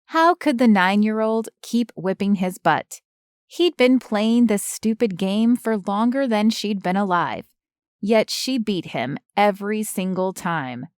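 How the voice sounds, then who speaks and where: A woman narrating an audiobook at an unhurried pace, her tone smooth and clear. The reading is measured and even, recorded close in a dry, dead studio. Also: mid-range voice, dry recording. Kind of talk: scripted narration. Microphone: close studio mic.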